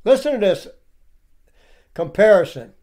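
A man's voice: sits high, very animated, a little slow, mellow. A man giving emphatic preaching commentary on clips, calling out to his listeners again and again. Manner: emphatic, keeps addressing the audience as "people". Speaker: religious commentator.

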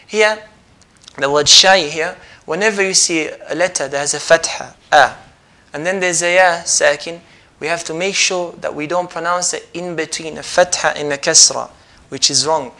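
A man with a bright, ringing voice that sits a little high for a man. He teaches recitation step by step, explaining patiently and then stretching each sound out slowly in repeated demonstrations. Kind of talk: step-by-step pronunciation lesson.

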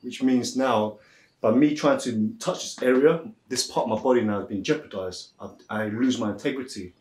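A laid-back massage therapist chats to his viewers at a middling pitch, chuckling often as he talks. His voice rings with a roomy echo. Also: moderate pace, darkish tone. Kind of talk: casual chat and storytelling.

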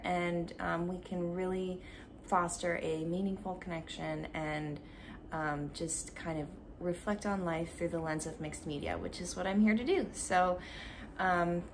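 A woman talking casually and reflectively while she makes a collage, soft-spoken with many ums and pauses, sitting on the floor indoors. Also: fairly low pitch, slight background noise. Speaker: art vlogger.

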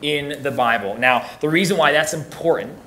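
A man's voice: fairly high pitch, normal speed, pushed and bright, a little hiss or hum. Joking, conversational young male youth pastor. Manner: conversational, joking, repeats words when restarting. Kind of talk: casual teaching talk to teens.

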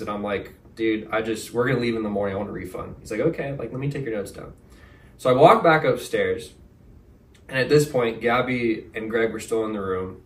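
A young man, a podcast guest, telling a story in a casual, animated way, full of slang. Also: lowish voice. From Texas. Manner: animated, slangy, says "bro" and "like" a lot. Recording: roomy, mic at a distance.

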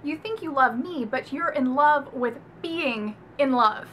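A brooding young rocker, blunt and swearing, hurt under the bluster, as a woman reads him in her own high, bright voice. He sounds close and plain, over a faint hum. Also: measured pace. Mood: bitter.

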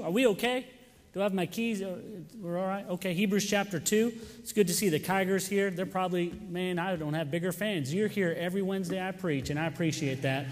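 In a church sanctuary with long hall reverb, a young adult male youth pastor speaks in a high-pitched voice. Chatty and joking, he delivers sermon announcements and stories while calling congregation members by name.

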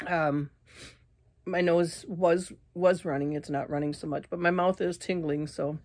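A woman vlogging casually to her viewers, out of breath and clearing her throat often, talking in halting restarts. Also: fairly low pitch, steady tone, darkish tone, dry recording. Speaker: YouTuber eating spicy candy. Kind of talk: casual vlog talk to camera.

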